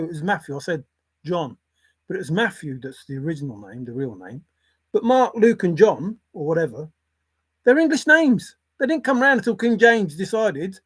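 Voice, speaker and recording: Reacting to chat on a laid-back livestream, this older grandparent rambles irreverently and swears casually. The mid-range voice is captured in a dry recording.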